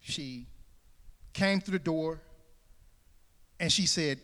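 A man preaching a sermon, swinging between loud shouted calls and quieter storytelling. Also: on the high side, slow pace, in a large hall. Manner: shouting and soaring, then dropping to a hushed storytelling tone.

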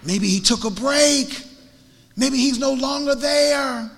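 A man's voice: mid-range voice, lively intonation, moderate pace, sharp tone, in a large hall. A man preaching voices a bold, confident male prophet who taunts his rivals in loose, modern slang. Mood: taunting.

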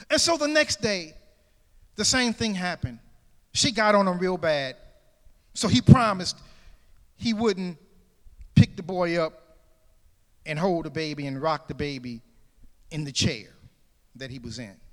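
A man preaching in a church, his voice high and bright with wide, lively swings of pitch. He shouts his points, then drops low to tell a story. The sound rings with long reverb. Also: measured pace, long pauses. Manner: shouting and soaring, then dropping to a hushed storytelling tone. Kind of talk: sermon.

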